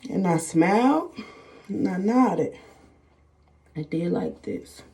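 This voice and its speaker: A woman's voice: fairly low pitch, lively intonation, takes it slowly, dark tone. A middle-aged woman vlogger telling viewers a personal story in casual chat, emphatic and repetitive, often calling them "y'all".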